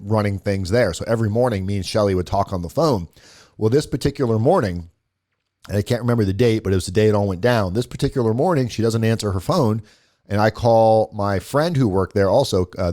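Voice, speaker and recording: A man's voice: on the low side, darkish tone. A man, a guest on a show, casually retelling a personal story and quoting what others said along the way. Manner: conversational, quotes others in the retelling, frequent restarts. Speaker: guest telling his story.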